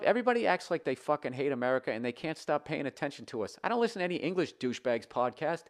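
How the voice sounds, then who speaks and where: A man's voice: mid-range voice, very animated, quick pace, vocal fry. Male comedian, mid-range voice, heated sarcastic podcast rant full of swearing. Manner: profane, sarcastic, fired-up ranting; reading an email aloud and mocking it.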